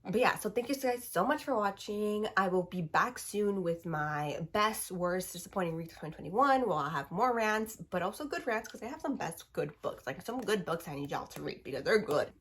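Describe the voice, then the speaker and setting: A young woman in her twenties reviews books in a loose, casual rant, words tumbling out quickly and padded with "like." Her voice sounds husky, and she is still getting over a cold. Her pitch sits in a middle range for a woman. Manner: fast, animated ranting full of "like". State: recovering from a cold. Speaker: book vlogger. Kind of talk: casual ranting book review.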